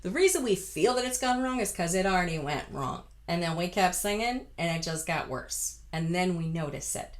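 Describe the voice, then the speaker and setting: A woman's voice: on the low side, animated, normal speed, hardly any pauses. A woman vocal coach from the United States giving a chatty, encouraging singing lesson, breaking into full-voiced sung examples.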